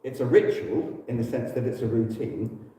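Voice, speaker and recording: English man, warm low-key church speaker, chatty with fillers; roomy hall sound from afar. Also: normal speed, slight background noise. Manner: relaxed and conversational, with frequent fillers and self-corrections. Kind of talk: informal church teaching talk. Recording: echoey hall, distant mic.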